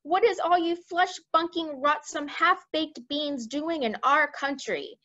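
A woman voicing a loud, bloodthirsty, cowardly male giant who bellows in broken grammar, read as a storybook. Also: high voice, slow pace, pitched above the performer's own voice, exaggerated voice. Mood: menacing. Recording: dull lo-fi recording.

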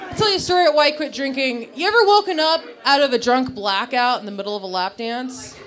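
A woman's voice: high-pitched, fast, over a noisy crowd, heavy background noise. A woman performing a stand-up comedy set on a club stage, brash and crude, with self-deprecating punchlines. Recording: live club set with loud audience laughter. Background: audience laughing.

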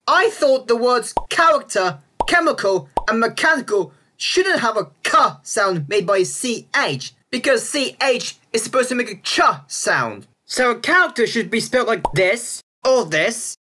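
A woman talks through an explainer video over slides in a casual, chatty way, often checking in with a rising "yeah?". Her voice is bright and her pitch moves around a lot as she explains. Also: animated, unhurried, hardly any pauses. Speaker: video creator explaining spelling reform.

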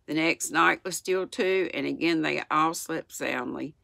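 A woman's voice: low-pitched, gravelly, dry recording, studio quality. Older Southern woman reading a storybook. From United States. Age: 60s. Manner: gentle, unhurried reading with small slips and asides. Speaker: channel host reading aloud. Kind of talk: storybook read-aloud.

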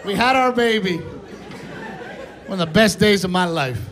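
A man with a high voice tells a story on stage, animated and playing every part himself. It is a live stage recording, with a noisy crowd laughing loudly around him. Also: moderate pace. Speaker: stand-up comedian. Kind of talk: stand-up comedy set. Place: comedy theater stage with live audience. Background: audience laughter and applause.

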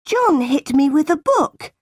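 A woman's voice: on the high side, slow, no room sound, clean studio sound. A woman voicing a defiant ten-year-old orphan girl. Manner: defiant, earnest.

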